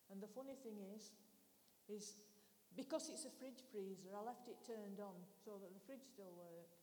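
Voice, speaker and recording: A middle-aged woman preaches in a relaxed, conversational way, leaning on homely stories from her own life. Her voice is warm and mellow. The recording carries a long church-hall echo with a faint hiss underneath. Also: mid-range voice. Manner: chatty, tells homely personal stories. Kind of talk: conversational sermon.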